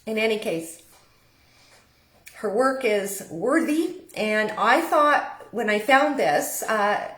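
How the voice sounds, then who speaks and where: A woman's voice: fairly high pitch, expressive, slow pace, a bit bright, roomy sound. A woman from Canada hosting her own online show, chatty and meandering with frequent fillers. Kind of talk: casual live-stream talk.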